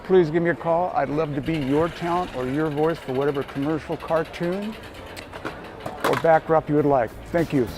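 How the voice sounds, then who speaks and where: A man eagerly pitching himself as a voice-over talent at an outdoor street festival booth, upbeat with a few fillers. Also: normal speed, noisy background. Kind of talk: self-promotional pitch to camera. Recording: busy street crowd behind.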